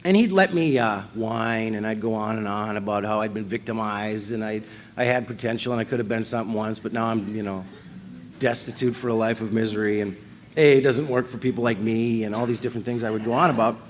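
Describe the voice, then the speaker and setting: A man's voice: on the low side, a little fast, a little hiss or hum. A man from North Dakota telling his recovery story at a convention, wry and self-mocking, acting out his own past thoughts. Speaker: recovery meeting speaker. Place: convention hall.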